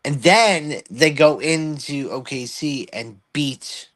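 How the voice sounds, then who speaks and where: A man's voice: a little high, slow, fairly bright tone. Rambling man in casual sports chat. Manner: rambling, thinks aloud with many restarts. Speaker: podcast co-host.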